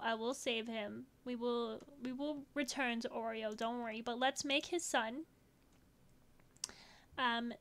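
A woman with a high, bright voice narrates her game session. She gushes over each virtual pet and slips into squealing baby talk. Her voice sounds a little strained from excitement. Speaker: gaming video creator.

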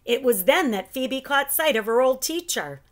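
A woman reading a children's storybook aloud, with slow, expressive storytelling. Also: high voice. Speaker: storybook reader. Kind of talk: children's read-aloud narration.

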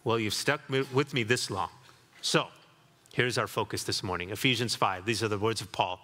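A man's voice: fairly low pitch, normal speed, pushed and bright, in a large hall. A man preaching a sermon as pastor, reflective and building to emphatic repetition, in a church sanctuary.

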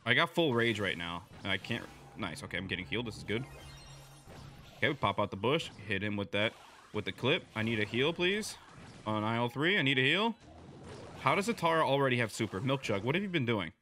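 Bright-voiced excitable young man gaming. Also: mid-range voice. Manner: excitable, bursts into loud yelling at teammates; quick chatty play-by-play, swings between mumbling and shouting. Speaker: gaming video creator. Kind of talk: live gameplay commentary.

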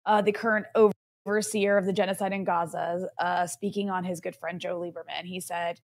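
A woman's voice: medium pitch, fairly quick. A woman co-hosting a political talk show, sardonic and emphatic, with many "like" fillers. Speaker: co-host. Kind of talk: casual political commentary.

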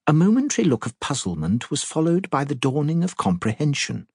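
A man with a husky voice narrating an audiobook in an expressive storytelling manner. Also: mid-range voice, moderate pace, no room sound, studio quality.

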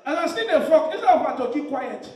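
A man from Nigeria with a Nigerian Pidgin English accent, doing stand-up comedy, swinging from shouted punchlines to low asides. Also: lively intonation, fast talker, recorded from a distance. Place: live comedy stage. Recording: echoey venue heard from off mic. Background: laughing audience.

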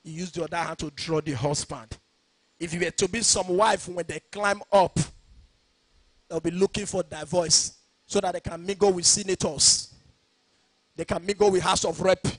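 A man preaching a sermon, shouting his points and slipping into a sing-song cadence. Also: high voice, no room sound. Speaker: pastor.

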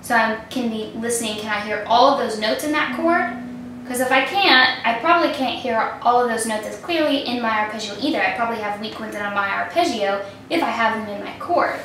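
A woman's voice: a little high, brisk, far from the mic, slight background noise. Woman teaching harp in an echoey room. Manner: calm, explains step by step while playing. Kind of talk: instrumental lesson demonstration. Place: room where she plays the harp. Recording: roomy echo, voice from off mic, harp playing.

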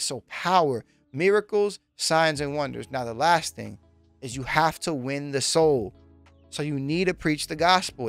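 Brief: male pastor, sermon-style teaching, emphatic and repetitive, fairly high voice, dry close mic. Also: clean tone, dry recording. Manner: emphatic, repetitive, direct address to listeners.

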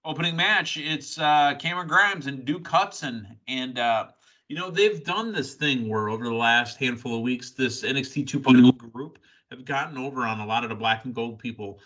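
A man's voice: medium pitch, moderate pace, sharp tone. A man hosting a wrestling podcast, casually running through show recaps with playful quips. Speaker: podcast host.

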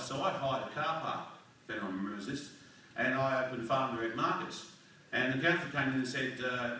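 A man's voice: medium pitch, animated, normal speed, sharp tone, slight background noise. Fired-up Australian man in an echoey hall. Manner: fired-up, blunt, rhetorical questions, mild swearing. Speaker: speaker at a community forum. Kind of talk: rousing political speech. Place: community hall. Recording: echoey hall recorded from far off.

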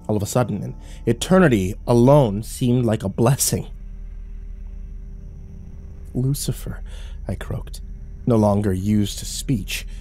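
A man reading a horror story aloud in a slow, grave, brooding manner. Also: medium pitch, dark tone. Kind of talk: scripted horror narration. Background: faint music.

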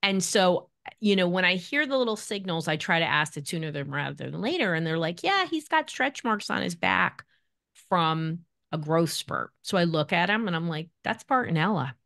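A middle-aged woman speaking as an expert guest on a podcast, animated and acting out the voices she quotes. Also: lowish voice, a little fast. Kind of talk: podcast interview.

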